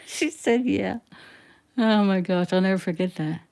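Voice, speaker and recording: A woman's voice: medium pitch, steady tone, moderate pace, vocal fry, mellow, clear, resonant tone. A middle-aged woman rambling casually through old family photos, laughing often as she tells stories. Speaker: livestream host.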